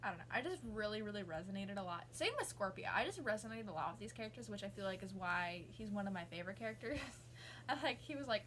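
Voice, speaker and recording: A woman's voice: medium pitch, lively intonation, fast, a bit bright, slight background noise. A young woman, rambling casually as a vlogger with lots of fillers and asides. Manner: rambling, gushing, many fillers. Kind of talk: casual chat.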